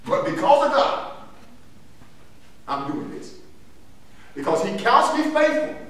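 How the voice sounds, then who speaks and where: Emphatic pastor, lively high voice, echoey room. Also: male voice, slow. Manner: emphatic, repeats phrases, laughs between points. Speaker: pastor leading a Bible lesson. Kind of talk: call-and-response church teaching. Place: church sanctuary. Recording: echoey room from far off, some noise.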